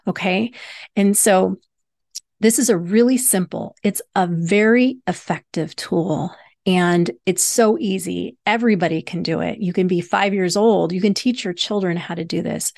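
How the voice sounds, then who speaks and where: A woman's voice: on the low side, darkish tone, no room sound, clean studio sound. A woman hosting a solo self-help podcast, teaching earnestly and repeating key points for emphasis. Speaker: podcast host and hypnosis coach.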